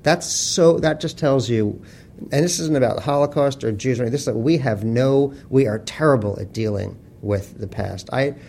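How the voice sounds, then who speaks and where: Author guest, male, gravelly and mellow, blunt profane storyteller with a faint hum behind. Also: medium pitch, moderate pace. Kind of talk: casual interview talk.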